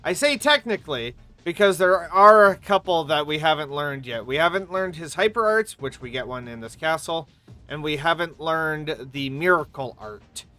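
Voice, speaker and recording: A woman game streamer talks through her play in a chatty, rambling way, with a bright voice despite a sore throat. Her pitch swings widely as she goes, and faint music plays behind her. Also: lively intonation, moderate pace. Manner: chatty, rambling, swears casually. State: coming down with a sore throat, coughing. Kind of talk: live gameplay commentary.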